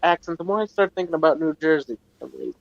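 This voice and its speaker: A man's voice: a little high, expressive, fast talker, vocal fry, no echo. A man joining a casual podcast chat as a guest, mostly giving brief, agreeable replies. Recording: dull lo-fi mic.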